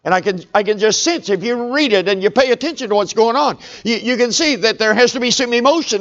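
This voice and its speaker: A man's voice: extremely high pitch, quick pace, hardly any pauses, a bit bright, dull audio. A man preaching a sermon, telling a story conversationally and calling for amens.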